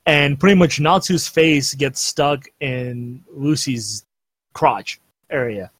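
A man's voice: medium pitch, slow pace, a bit bright, slightly rough, no room sound. A young man chatting casually as a podcast host, recapping an anime with rambling restarts and frequent laughter.

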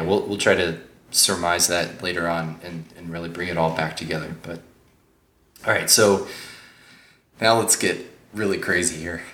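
Deep-voiced man in an echoey room. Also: bright, forceful tone. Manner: rambling, with many fillers. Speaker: podcast host. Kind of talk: casual podcast discussion.

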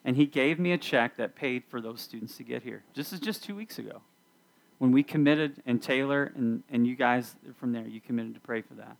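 A man's voice: medium pitch, normal speed, vocal fry. A middle-aged man preaching a casual sermon to a youth group, speaking conversationally and leading the audience through activities. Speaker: youth pastor.

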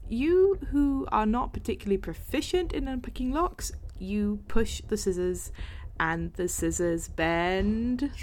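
A woman's voice: medium pitch, lively intonation, measured pace, a little mellow, slight background noise. Woman narrating as game master. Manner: playful, swears freely, voices characters.

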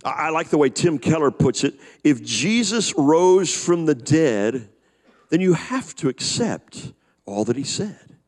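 A man preaching a sermon, reading scripture and slowing down on key phrases for emphasis. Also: a little high. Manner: animated preaching, slows for emphasis. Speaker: pastor.

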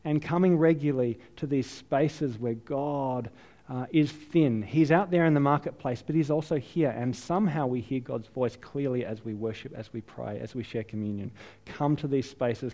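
An Australian man preaching a sermon, telling a self-deprecating story in a lively, chatty way. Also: medium pitch, moderate pace. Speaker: pastor. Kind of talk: sermon with personal anecdote.

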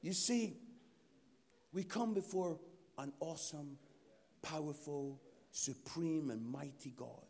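A Scottish man preaching a sermon in a church, telling a story with lively, acted-out quotes. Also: a little high, slow pace, pauses often. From Scotland. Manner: animated storytelling, acts out quotes.

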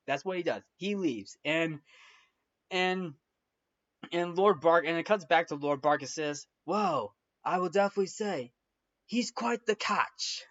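Rambling man recapping a film. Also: a little high. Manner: rambling, full of "like" and restarts. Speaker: film reviewer. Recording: dull lo-fi recording.

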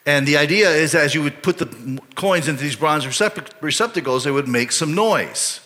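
A man's voice: a little high, expressive, moderate pace, bright, forceful tone. A male pastor preaching a casual, conversational sermon full of rhetorical questions. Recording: long hall reverb.

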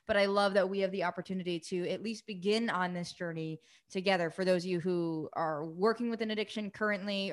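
A woman recovery coach hosting a live coaching session, talking quickly and eagerly, greeting viewers by name. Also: on the low side. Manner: fast, excited, energetic delivery.

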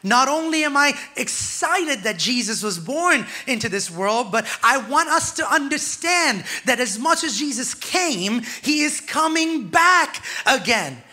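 A male pastor preaching with a very high, forceful voice. He swells louder and then drops quiet by turns and calls out to the congregation as he goes. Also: expressive, unhurried, hardly any pauses. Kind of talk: sermon.

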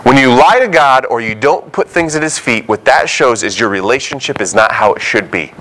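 A male pastor delivers a sermon in a lively, swooping voice of middling pitch. He keeps it conversational and slips into short acted-out quotes as he goes. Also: fairly quick, slight background noise, poor audio.

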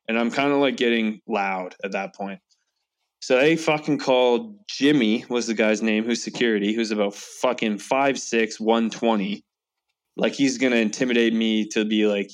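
A young man with a lowish voice tells a heated story among friends. He swears constantly and acts out every side of the argument. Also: fairly even intonation, moderate pace. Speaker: storyteller in a casual chat. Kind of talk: casual chat.

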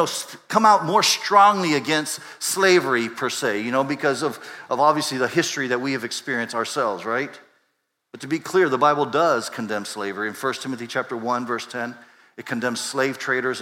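A pastor with a mid-range voice preaches in a relaxed, conversational manner, often restarting and firing rhetorical questions at his listeners. His bright, forward tone echoes with long reverb through a large church sanctuary.

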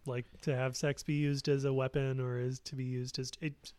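A man co-hosting a podcast in casual chat, speaking haltingly and thinking aloud. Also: medium pitch, flat delivery, a little mellow, smooth, no echo. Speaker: podcast co-host.

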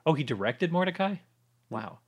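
A man's voice: fairly high pitch, sing-song, moderate pace, husky. A man co-hosting a podcast, chatting casually and enthusiastically, rambling with fillers as he goes. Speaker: podcast co-host. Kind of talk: casual chat.

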